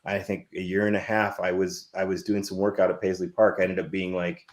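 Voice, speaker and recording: A man in his fifties, a filmmaker guest telling stories in a casual interview, animated and rambling with many restarts. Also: low-pitched, a little fast.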